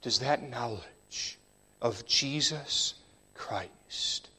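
A man preaches slowly and deliberately, in a measured, emphatic way, rising for stress and then dropping low, nearly to a whisper, on key words. His tone is bright and forceful with a breathy edge.

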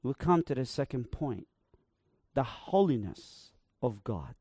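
A man preaching a sermon, building to emphatic proclamations with slow, repeated phrases. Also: medium pitch, very animated, mellow, breathy edge, dry recording, studio quality.

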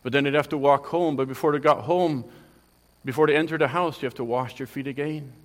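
A man's voice: medium pitch, fairly even intonation, brisk, big-room sound. A man preaching a sermon, earnest and emphatic, often restarting his phrases as he explains scripture. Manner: earnest, with frequent restarts and emphatic quoted lines.

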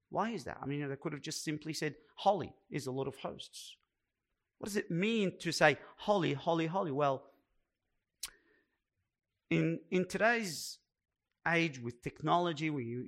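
A man's voice: on the high side, pushed and bright. A man preaching a sermon as pastor, emphatic and repeating words for weight.

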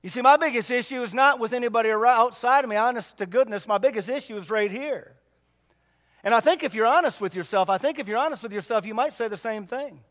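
A man's voice: extremely high pitch, fast, fairly bright tone, big-room sound. A man preaching a sermon in a church, folksy and emphatic, repeating his points for weight.

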